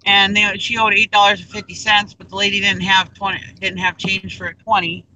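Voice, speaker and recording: A woman's voice: mid-range voice, little pitch movement, fairly quick, pushed and bright, slight background noise, rough recording. A middle-aged woman on a group video call, telling a rambling story in casual chat and acting out the people in it. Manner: rambling, acts out quoted exchanges.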